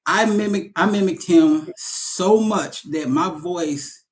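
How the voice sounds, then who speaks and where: A man being interviewed as an actor, telling stories in a casual, animated way and often repeating his words as he goes. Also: sits high, takes it slowly.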